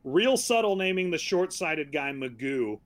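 A man co-hosting a podcast, reviewing a movie in casual chat, sarcastic and quick to laugh, with many "like" fillers. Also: a little high, expressive. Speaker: podcast co-host.

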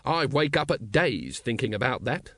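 A man voicing a weary, gruff watch captain. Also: medium pitch, expressive, moderate pace, a bit bright, dry recording. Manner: gruff, dry. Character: weary, bitter sacked male watch captain.

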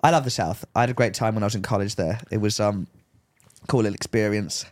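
A man's voice: lowish voice, steady tone, quick pace. A man co-hosting a podcast, telling a rambling story in casual chat, full of likes and rights. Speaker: podcast co-host.

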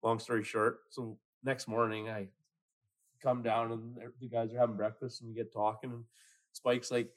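A man's voice: medium pitch, flat delivery, normal speed. A man co-hosting a casual podcast, swearing and laughing through a rambling story. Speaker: podcast co-host.

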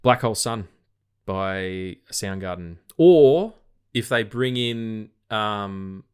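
A weary Australian man co-hosting a film podcast rambles in casual chat, frequently restarting and swearing. His lowish voice is smooth, and he takes things slowly.

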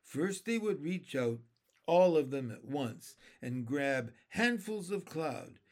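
A man reading a children's novel aloud, deliberate and expressive. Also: fairly high pitch. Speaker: storyteller.

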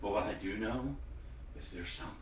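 A man's voice: on the low side, fairly quick, a little hiss or hum. A man preaching a sermon in a dramatic, emphatic way, his voice rising and falling sharply. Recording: echoey room, distant mic.

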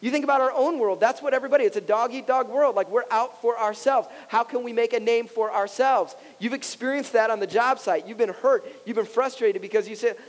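A man in his thirties, a pastor, preaching a sermon in a relaxed, conversational way, often laughing and acting out the voices of the people he quotes. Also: extremely high pitch, a little fast, hardly any pauses. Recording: long hall reverb.

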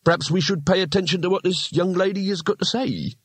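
A male reader voicing a calm, even-tempered male swordsman in a storybook. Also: high voice, husky, no room sound, pitched above the performer's own voice. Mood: calm menace. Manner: even, unhurried.

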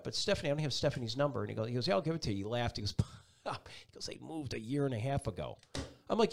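Animated man telling a personal story. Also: medium pitch, fast, vocal fry. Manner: animated, acts out voices in his story. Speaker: chief meteorologist, guest.

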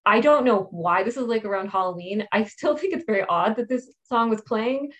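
A woman's voice: on the high side, normal speed. A young woman co-hosting a casual podcast, telling stories with giggles between her words. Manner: animated storyteller, giggly. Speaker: podcast co-host. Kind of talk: casual chat.

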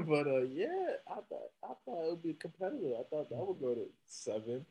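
A man's voice: fairly high pitch, expressive, normal speed, dark tone, slightly rough, rough recording. A man co-hosting a sports talk show, chatting casually and laughing easily, at times stumbling over names. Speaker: podcast co-host.

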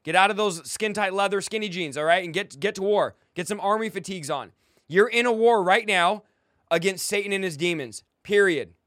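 A man's voice: sits high, fairly quick, fairly bright tone, dry recording, clean studio sound. A young man preaching a fiery, confrontational sermon, mocking his critics and commanding listeners to fight. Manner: exhorting, commanding.

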